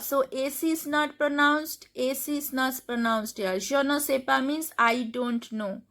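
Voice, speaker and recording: A woman with an Indian accent gives a spoken lesson, saying each example word twice. Her voice is high and bright. She talks slowly, with many fillers and restarts. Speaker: French teacher.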